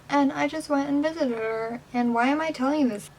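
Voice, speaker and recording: A woman's voice: high-pitched, fairly quick, a little mellow, poor audio. A young woman chatting in a casual home vlog, rambling and self-deprecating, sometimes dropping to a whisper. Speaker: vlogger. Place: indoors at home.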